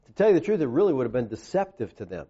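A man preaching a sermon, emphatic, dropping lower when he reads scripture aloud. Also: big pitch swings, rapid-fire, dark tone, slightly rough. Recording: dull lo-fi recording.

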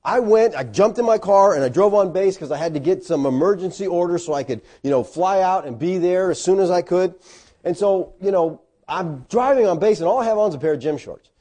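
A middle-aged man preaching a sermon, telling stories with folksy asides and self-deprecating humor. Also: fairly quick. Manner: animated storytelling with sudden loud, high bursts.

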